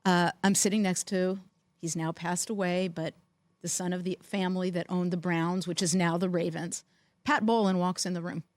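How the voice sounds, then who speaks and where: A middle-aged woman, co-host of a podcast, telling animated anecdotes in casual chat. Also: fairly low pitch, moderate pace, no room sound. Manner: animated anecdotes, lively quoted voices. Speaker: podcast co-host, former team executive.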